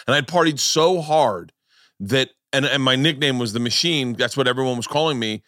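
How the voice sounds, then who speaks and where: A man's voice: medium pitch, brisk, a bit bright, dry recording, clean studio sound. A man hosting a podcast, telling rowdy stories in casual chat, swearing freely and laughing along. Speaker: podcast host.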